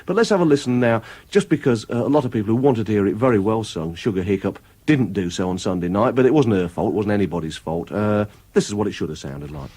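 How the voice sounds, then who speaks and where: A man's voice: fairly low pitch, animated, quick pace, few pauses, dark tone, husky. A man chatting casually on a radio show as a regular contributor, rambling through anecdotes and mimicking voices for comic effect.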